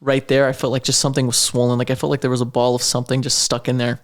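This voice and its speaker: A man from Idaho who fights amateur mixed martial arts talks at a brisk clip in a relaxed podcast chat. He rambles through his stories and leans heavily on "like." His voice sits at an ordinary male pitch. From Idaho, USA. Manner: rambling storyteller, heavy use of "like". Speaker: amateur MMA fighter guest.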